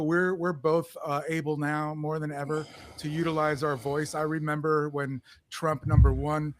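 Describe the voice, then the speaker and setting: A male co-host with a somewhat raised voice, speaking in a casual, appreciative manner. He halts and repeats himself as he thanks his guest. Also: a little high. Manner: appreciative, halting with fillers and repeats. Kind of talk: casual chat.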